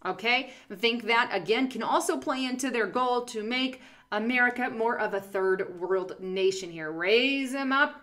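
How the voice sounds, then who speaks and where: Young woman vlogger ranting sarcastically over docs on screen, kinda high bright voice. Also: normal speed. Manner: sarcastic, emphatic, with fillers and slips. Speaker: political commentary vlogger. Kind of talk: reading and commenting on documents on screen.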